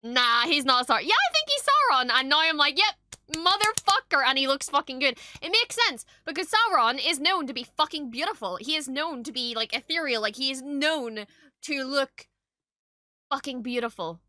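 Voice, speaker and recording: Bright, excitable young woman reacting. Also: high voice, moderate pace, dry recording, clean studio sound. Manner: excitable, swears a lot, gushing. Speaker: reaction streamer. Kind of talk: casual reaction chat.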